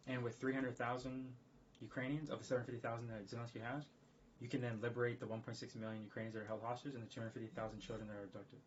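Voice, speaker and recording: A man's voice: mid-range voice, level tone, racing, a little hiss or hum. Profane, rambling man on a livestream. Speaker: streamer. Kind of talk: casual livestream monologue. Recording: dull lo-fi stream audio.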